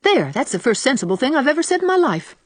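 A lively young woman friend, teasing and quick, her voice jumping up high, as a woman narrator puts her on. She sounds breezy and playful throughout. The sound is dry and close. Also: no echo.

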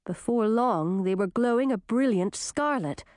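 A woman's voice: fairly high pitch, animated, a little slow, a little mellow, dry recording. Woman narrating a storybook, dry sound. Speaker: audiobook narrator.

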